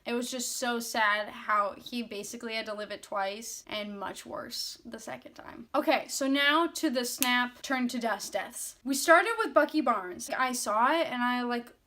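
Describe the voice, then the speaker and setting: A young woman vlogger chatting casually through a movie review, excitable, full of "like" fillers, quickly quoting lines. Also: fairly high pitch.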